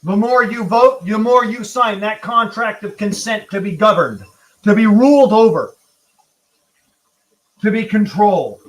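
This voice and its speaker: Furious high-voiced man ranting. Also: unhurried. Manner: profane, heated ranting. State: angry, worked up. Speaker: livestream host. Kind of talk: angry political rant.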